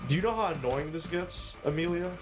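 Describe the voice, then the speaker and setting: A man's voice: on the high side, expressive, fairly quick. A man live-streaming a game, ranting and swearing as he talks to his chat. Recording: game music behind.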